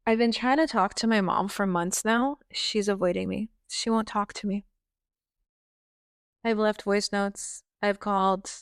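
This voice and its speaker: A young woman hosts a podcast, talking straight to the listener in a raw, exasperated monologue peppered with swearing. Her voice is smooth and clear, sits at an ordinary middle pitch, and is recorded close and dry with no room sound. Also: no room sound. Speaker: podcast host. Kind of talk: personal monologue.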